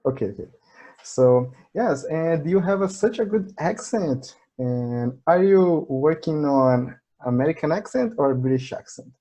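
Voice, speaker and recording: A man from Brazil speaks English with a Brazilian accent in a mellow, warm-toned voice. He chats in a friendly, easygoing way, laughing often and restarting sentences as he searches for words. He is talking over an online video call. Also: on the high side, expressive, a little slow, poor audio. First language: Portuguese. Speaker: channel host, English learner. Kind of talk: casual conversation.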